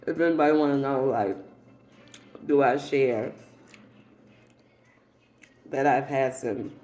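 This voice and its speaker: A woman's voice: extremely low pitch, slow, mellow. A woman telling rambling comedic stories and laughing often at her own jokes. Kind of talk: comedic monologue.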